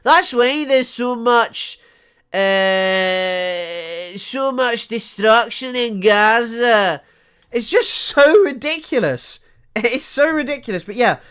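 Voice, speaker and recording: A young man doing casual live-stream commentary, animated and sweary, often trailing off into mumbles. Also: extremely high pitch, takes it slowly, clean tone. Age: young adult. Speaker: streamer reacting to news clips.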